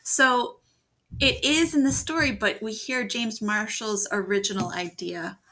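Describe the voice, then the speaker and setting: A woman teaching children to write fairy tales in a video lesson. She talks gently and encouragingly, and thinks out loud. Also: a little high, a little slow. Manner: thinks aloud, gentle and encouraging, with frequent restarts. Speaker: writing teacher.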